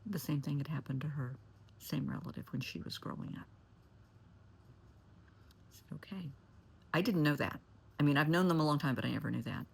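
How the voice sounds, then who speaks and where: A woman's voice: sits low, fairly quick, gravelly, long pauses, slight background noise. A woman therapist recounting a client story and giving blunt, candid advice. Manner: candid, blunt, shifts to forceful warnings.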